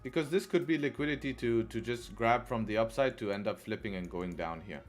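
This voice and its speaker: A man's voice: lowish voice, fairly quick, soft background music. A man giving live trading commentary on a stream, talking to his viewers and laughing often in frustration. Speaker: forex trader live streamer.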